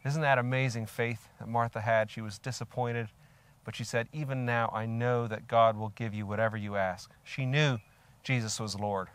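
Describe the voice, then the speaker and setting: A man's voice: mid-range voice, fairly even intonation, moderate pace, a bit bright, clear, resonant tone. Earnest older man preaching a sermon. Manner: earnest and reflective, asks the listener direct questions; reads scripture aloud with rising emphasis. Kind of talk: sermon on a scripture passage.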